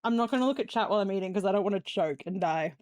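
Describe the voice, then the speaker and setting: A woman's voice: mid-range voice, rapid-fire, a little mellow, dry recording. A young woman streaming while she builds Lego, chatting casually and breaking into long fits of giggles.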